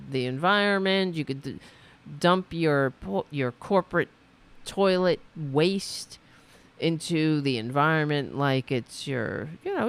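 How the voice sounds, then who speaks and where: A woman running a political commentary livestream responds to clips in an indignant, sarcastic, swear-filled way. Her pitch sweeps up and down widely, and she speaks slowly and deliberately.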